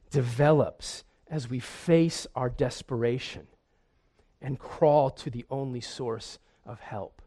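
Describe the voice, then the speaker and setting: A man's voice: a little high, a little mellow. A man preaching a sermon in an earnest way, often repeating a word as he restarts. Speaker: pastor.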